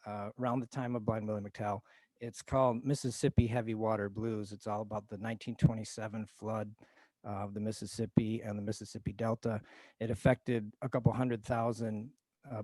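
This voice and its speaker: Male guest, lower voice, dry close sound, casual explainer with filler words. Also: no room sound. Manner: relaxed, explains with frequent "uh" and "um" fillers. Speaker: guest record collector.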